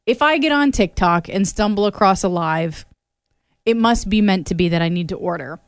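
An animated woman co-hosts an afternoon radio podcast in easy, casual chat. She tells her stories with bursts of laughter and a middling voice. The sound is close and dry, straight from a studio mic. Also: medium pitch, moderate pace, clear, resonant tone, no echo. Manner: animated storytelling, laughs often. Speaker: radio co-host.

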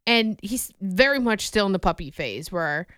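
A woman's voice: mid-range voice, animated, normal speed, a bit bright, clear, resonant tone, no echo, clean studio sound. A woman co-hosting a radio show, telling a story in a chatty way and laughing often. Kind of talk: casual radio banter.

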